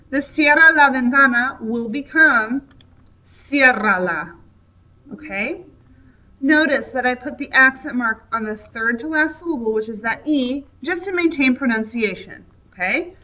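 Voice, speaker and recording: A woman's voice: fairly high pitch, sharp tone. A woman teaching a Spanish grammar lesson, patiently explaining and checking in with frequent "okay?". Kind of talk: classroom grammar lecture. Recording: dull distant lo-fi recording.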